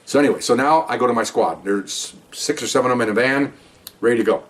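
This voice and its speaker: A man's voice: mid-range voice, fast talker, recorded from a distance. An older man, a retired police supervisor, telling his own stories in a podcast, acting out dialogue and tossing in rhetorical questions. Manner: animated storyteller who acts out dialogue and asks rhetorical questions. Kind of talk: podcast storytelling.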